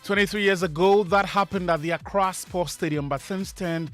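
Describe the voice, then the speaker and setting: A man with a Ghanaian English accent presenting a sports news bulletin in a measured, formal way. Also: high-pitched, faint music behind.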